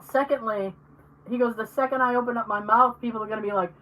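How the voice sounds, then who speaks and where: A woman co-hosting a podcast in casual chat, telling animated stories, acting out the people she quotes and swearing freely. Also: on the high side, quick pace, recorded from a distance, low-quality recording. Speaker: podcast co-host.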